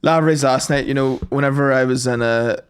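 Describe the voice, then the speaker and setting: A young man, chatting and telling sweary, animated stories as a podcast co-host. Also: mid-range voice, a little fast, smooth. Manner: animated, sweary, acts out voices. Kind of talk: casual storytelling chat.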